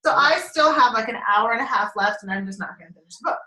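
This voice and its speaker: On a group call over a conference line, a team member chats casually, rambling, laughing often and swearing freely. Her voice is a little high, bright and forceful, with lively intonation and a quick pace, and the room sounds echoey.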